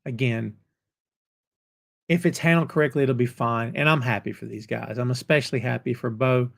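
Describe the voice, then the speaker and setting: A middle-aged man hosts a live wrestling talk show, trading folksy, jokey banter with viewers and chat readers in an animated way. His voice is medium-pitched and creaky, at a normal speed.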